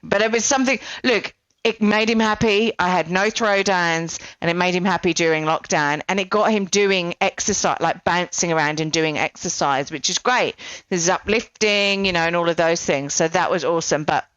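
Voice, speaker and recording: A woman hosting a podcast chats casually about her son, with quick asides and reactions. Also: fairly low pitch, a bit bright, dry recording. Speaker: podcast host and parent. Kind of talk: casual chat. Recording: slightly dull, muffled audio.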